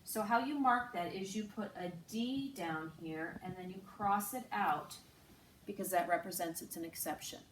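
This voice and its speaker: In an echoey room with a distant mic and a little hiss or hum, a woman teaches a recorded phonics lesson to third graders. Her mid-range voice is slow, clear and patient as she draws out each sound.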